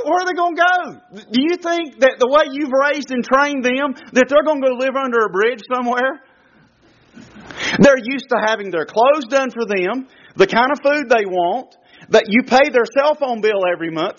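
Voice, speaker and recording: A middle-aged man preaching a sermon on parenting, emphatic and repetitive, swinging his pitch to act out quotes. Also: normal speed, fairly bright tone. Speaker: pastor. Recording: dull lo-fi sound.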